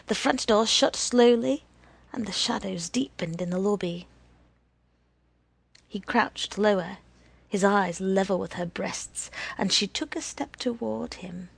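Slow, husky woman reading a story. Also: medium pitch, dry recording. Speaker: narrator.

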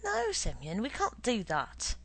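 A woman's voice: fairly high pitch, huge pitch swings, measured pace, a bit bright, full character voice, rough recording. A woman reading the part of a worried, indignant middle-aged wife who pleads with her husband.

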